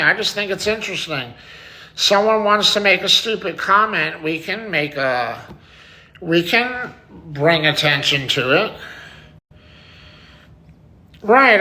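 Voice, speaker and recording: Bright-voiced man chatting on a livestream. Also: fairly high pitch. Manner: chatty, quizzes viewers, swears freely. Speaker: livestream host. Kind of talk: casual livestream chat reading comments.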